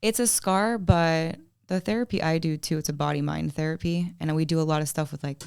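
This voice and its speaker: Gravelly-voiced woman counselor, lively storyteller. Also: low voice, no room sound, clean studio sound. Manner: animated storyteller, quick asides. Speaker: mental health counselor. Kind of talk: casual podcast chat.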